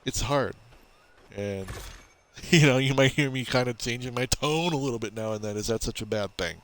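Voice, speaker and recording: At normal speed and with a mid-range, slightly bright voice, a man gives rambling let's-play commentary while streaming a game. He plays it mock-earnest and confessional, poking fun at himself.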